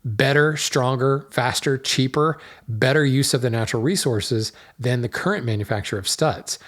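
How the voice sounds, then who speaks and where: A man's voice: mid-range voice, normal speed, a bit bright. A man hosting a podcast, talking casually and loosely with many fillers and restarts as he works at a hardwood dealer. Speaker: podcast host. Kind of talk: casual solo talk.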